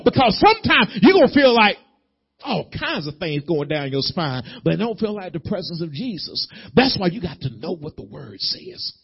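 A man preaching a sermon as pastor. He builds repeated phrases up to loud peaks and then drops to low, quiet asides. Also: very animated, moderate pace, husky. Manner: preaching with rising emphatic repetition, dropping to low intimate asides. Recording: muffled lo-fi sermon recording.

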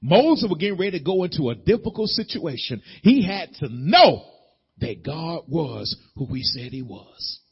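Emphatic preaching pastor, high and lively. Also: male voice, normal speed, slightly rough. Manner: preaching with rising emphatic repetition, dropping to low intimate asides. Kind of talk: sermon. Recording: muffled lo-fi sermon recording.

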